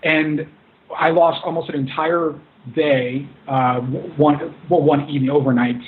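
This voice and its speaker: A man's voice: fairly high pitch, fairly even intonation, unhurried. A man, a film director, talking in an earnest, rambling way with many restarts as an interview guest. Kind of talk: casual interview. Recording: tinny phone-like line.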